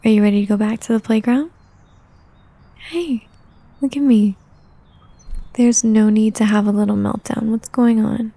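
Husky, creaky woman in whispered role-play. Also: on the high side, fairly even intonation, a little slow, pauses often, no room sound. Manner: soothing, coaxing caretaker talk, mostly soft and close.

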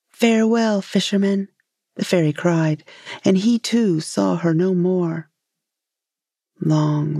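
A woman reading a folk tale aloud in a measured, gentle way. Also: fairly low pitch, no echo, clean studio sound. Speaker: storyteller. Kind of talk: storybook reading.

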